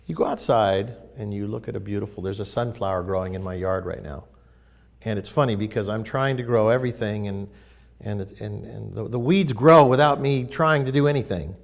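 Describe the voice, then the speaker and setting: A man teaching in a casual spiritual talk, emphatic and animated as he tells stories. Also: mid-range voice, creaky.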